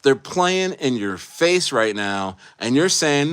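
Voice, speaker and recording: A man ranting casually on a livestream, animated and slangy, repeating himself and often asking if you know what he means. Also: medium pitch, slow, clean tone. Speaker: streamer.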